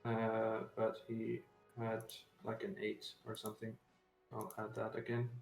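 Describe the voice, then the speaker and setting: A man running an online tabletop game as game master, pausing often with fillers. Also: fairly low pitch, completely flat delivery, vocal fry, echoey room, soft background music. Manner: hesitant, many filler pauses.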